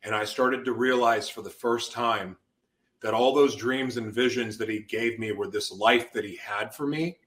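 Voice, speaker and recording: A man's voice: medium pitch, normal speed, a bit bright. A man guest on a podcast, giving an intense personal testimony and acting out his past outbursts as he tells it.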